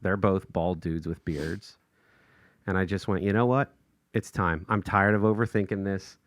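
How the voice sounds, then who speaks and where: A man's voice: low voice, moderate pace, dry recording. A man co-hosting a podcast, telling a casual story with lots of laughter and acted-out quotes. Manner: animated, laughs often, acts out quotes in raised voices. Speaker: podcast co-host.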